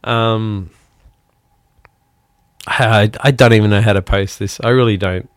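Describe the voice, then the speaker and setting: Speaking in a lowish voice with a clean tone and fairly even intonation, a musician who hosts a podcast delivers an angry monologue. He's a man from outside the United States, blunt, swearing heavily and sighing between thoughts. The recording is studio quality with no echo.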